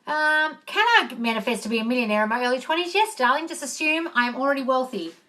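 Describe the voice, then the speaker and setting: This woman's voice sits high, quick and bright with a forceful edge, and a faint hiss or hum runs under it. She's live on her phone at home, moving into the kitchen as she reads comments and replies bluntly, swearing and calling viewers darling in casual chat.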